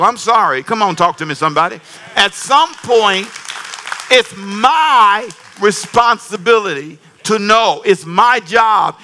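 A man's voice: high voice, sharp tone. A man preaching a sermon emphatically, repeating phrases and calling on the congregation. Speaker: pastor.

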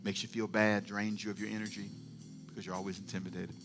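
A middle-aged male pastor preaching a sermon, moving from quiet storytelling to fervent call-and-response shouting. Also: lowish voice, flat delivery, fast talker, music in the background.

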